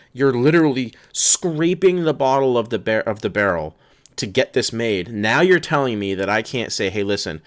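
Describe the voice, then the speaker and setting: A man ranting angrily and profanely while reading rules aloud in a vlog. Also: fairly low pitch. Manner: profane, exasperated, sarcastic. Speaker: vlogger.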